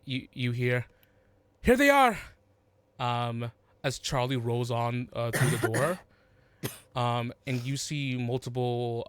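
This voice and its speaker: Gm guy narrating, lots of ums, middle pitch, dry close sound. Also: clear, resonant tone, no echo. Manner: hesitant, lots of ums and restarts. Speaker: game master. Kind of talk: narrating a tabletop game.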